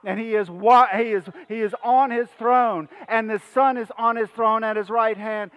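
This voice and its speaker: Impassioned high-voiced male preacher. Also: steady tone, moderate pace, hardly any pauses, a bit bright, clear, resonant tone. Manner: impassioned, repetitive call-and-response preaching. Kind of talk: sermon. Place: church hall with congregation.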